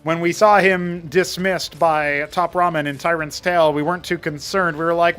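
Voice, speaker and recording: Chatty, fairly high-voiced male game caster. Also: steady tone, normal speed, hardly any pauses, fairly bright tone, smooth, faint music behind. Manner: chatty play-by-play that wanders into trivia. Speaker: esports caster and show host. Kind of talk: live game commentary.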